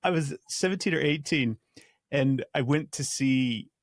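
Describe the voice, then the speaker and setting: A man's voice: medium pitch, measured pace, dry recording. Chill guy cohost telling a story, laughs at himself, mid voice, dry close mic. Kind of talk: casual storytelling.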